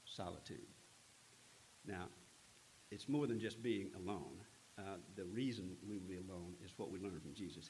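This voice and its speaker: Guy preaching a sermon, lowish voice, earnest storytelling, faint hiss in the background. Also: darkish tone, low-quality recording. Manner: earnest storytelling with frequent pauses. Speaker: pastor.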